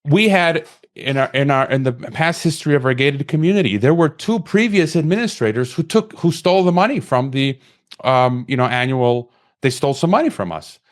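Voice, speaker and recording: An impassioned male podcast host talking at a middle pitch for a man. He rambles through a long personal story, stumbling and restarting his sentences before he reaches his question. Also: lively intonation, fairly quick. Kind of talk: conversational interview question.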